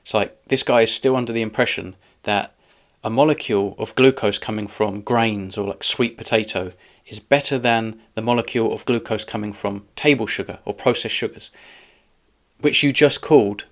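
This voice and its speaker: A man's voice: fairly low pitch, moderate pace. A man hosting a reaction video, arguing back sarcastically at a clip. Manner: sarcastic, argumentative. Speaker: channel host reacting to a clip. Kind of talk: reaction commentary.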